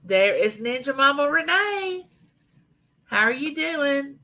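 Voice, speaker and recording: A woman's voice: high voice, sing-song, takes it slowly, pushed and bright, low-quality recording. A middle-aged woman from Mississippi with a Southern accent, hosting a casual live chat and greeting viewers by name. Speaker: YouTube channel host.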